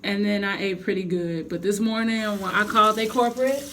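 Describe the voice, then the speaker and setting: A woman's voice: mid-range voice, fairly even intonation, brisk, fairly bright tone, slight background noise. A young adult woman telling a heated storytime to her vlog viewers, venting with blunt, profane language. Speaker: vlogger.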